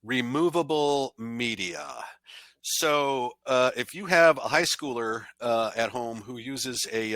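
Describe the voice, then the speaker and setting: Bright-voiced man giving blunt security warnings. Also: mid-range voice, dry recording. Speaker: cybersecurity awareness trainer. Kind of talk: conversational training presentation.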